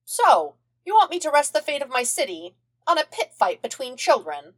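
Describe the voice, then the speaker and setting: A woman's voice: sits high, sing-song, moderate pace, voice pushed up. An eccentric old king cackles and teases with whimsical glee, as a woman reads him in a podfic. His voice bounces with playful mischief. It sounds like a storybook madcap ruler. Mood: gleeful. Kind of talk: podfic character voice.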